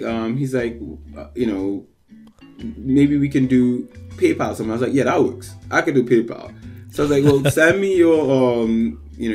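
His voice is medium-pitched and a little mellow. This man rambles through a long personal story in casual conversation, stuffing it with fillers and acting out what other people said.

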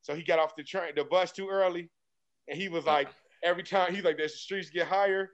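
A man's voice: on the high side, a little fast. A man in casual chat, telling stories and acting out comedians' bits with energy. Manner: animated storyteller, acts out comedians' bits. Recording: dull lo-fi sound.

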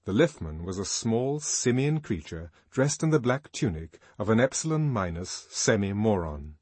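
A man reading a novel aloud as audiobook narrator, in an expressive, varied manner. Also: lowish voice, normal speed, slightly rough, no echo.

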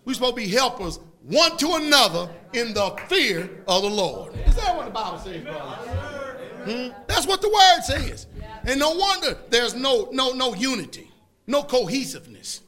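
Fiery high-voiced preacher. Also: male voice, sing-song, moderate pace. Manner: shouting, laughing, folksy preaching with sudden swells. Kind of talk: fiery sermon.

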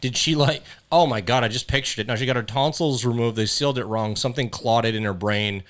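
A mid-pitched man hosting a podcast in loose, casual chat. He rambles and leans on fillers as he goes. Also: brisk, fairly bright tone. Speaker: podcast host.

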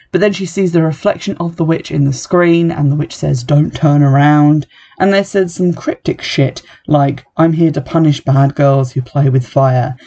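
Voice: medium pitch, gravelly, dark tone. A speaker giving a casual, sardonic recap of a film, full of "like" and dry asides. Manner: chatty and sardonic, heavy use of "like". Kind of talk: casual spoken movie recap.

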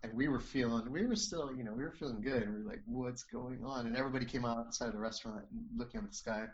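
A man's voice: mid-range voice, racing, highs cut off. Earnest man rambling through a story. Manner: rambling and earnest, many restarts and "you know"s. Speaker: interview guest. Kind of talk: personal storytelling in conversation.

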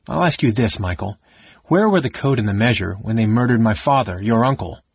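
A man's voice: lowish voice, expressive, fairly quick, vocal fry, breathy edge, no room sound, full character voice. A man reading the part of a grieving young nobleman and knight who turned bandit, speaking bitterly and grimly. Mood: cold. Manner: bitter and grim. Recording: dull lo-fi recording.

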